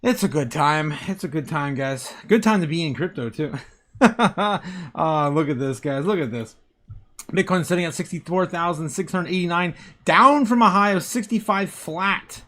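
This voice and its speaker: A man's voice: on the high side, lively intonation, moderate pace. A man hosting a casual crypto livestream, greeting chat members by name, repeating himself and chuckling often as he reads the charts.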